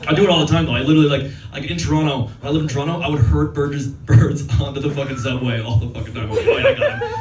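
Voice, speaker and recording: A man doing a raucous stand-up set, manic and swearing, shouting his punchlines. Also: fairly high pitch, wildly swooping pitch, quick pace, far from the mic, very noisy. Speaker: stand-up comedian. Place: live comedy venue with audience. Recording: echoey venue, mic heard from afar, crowd laughter.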